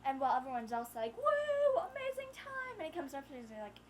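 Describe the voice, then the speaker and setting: A teenage girl vlogging with a friend, chatting casually and chiming in with quick asides. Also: on the high side, darkish tone, slight background noise. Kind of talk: casual storytelling chat.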